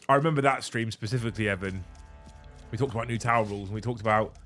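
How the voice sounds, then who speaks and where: A man's voice: lowish voice, racing, fairly bright tone, soft background music. Sweary man hosting a livestream. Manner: sweary, rambling banter. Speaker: livestream host. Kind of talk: casual livestream chat.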